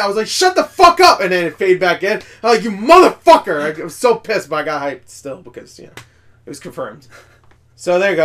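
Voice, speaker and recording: A young man hosting a casual gaming chat, excitable and swearing a lot, laughing often. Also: a little high. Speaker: podcast host.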